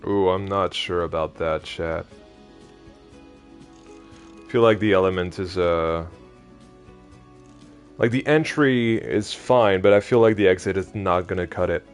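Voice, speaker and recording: A man streaming a game, chatting casually and rambling with many hesitations, his voice going a little hoarse. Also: low-pitched, unhurried, long pauses, soft background music. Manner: rambling, hesitant, hums tunes softly. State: losing his voice. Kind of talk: casual live-stream chat while playing.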